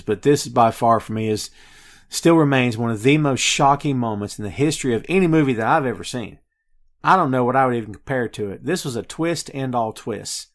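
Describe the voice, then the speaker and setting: Male podcast host, mid pitch, lively and animated, casual film chat. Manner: animated, addresses listeners as folks and kids. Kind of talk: casual movie review chat.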